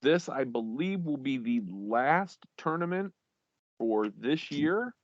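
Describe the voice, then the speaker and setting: A man's voice: medium pitch, lively intonation, slow pace, no room sound, dull audio. A man co-hosting a casual podcast, reading out league champions while stumbling over names and laughing at himself.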